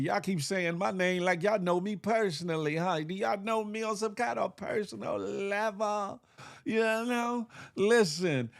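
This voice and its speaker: A man hosting a casual livestream, shouting out viewers by name in slangy, animated talk with lots of repeated phrases and "huh?". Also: high-pitched. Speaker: livestream host.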